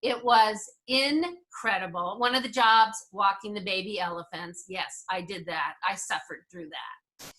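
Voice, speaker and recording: A woman with a bright, crisp voice leads a resilience workshop. She tells personal stories in an upbeat, conversational way as she talks a group through her slides. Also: medium pitch, unhurried.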